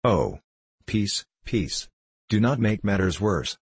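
A man's voice: fairly low pitch, animated, slow, husky, dry recording, heavily acted. A man reading the part of a timid, peevish elderly village curate, fretful and pleading.

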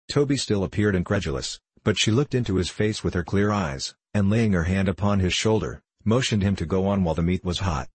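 A male narrator reading a classic novel in a measured, expressive way. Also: deep voice, breathy edge, dry recording. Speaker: audiobook narrator.

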